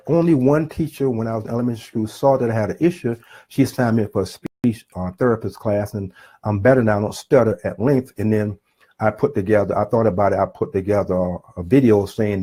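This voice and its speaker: A man's voice: on the low side, brisk, dark tone, breathy edge. A middle-aged man giving an earnest, rambling motivational talk, often restarting his sentences and drifting off his point. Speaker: self-published author giving a talk.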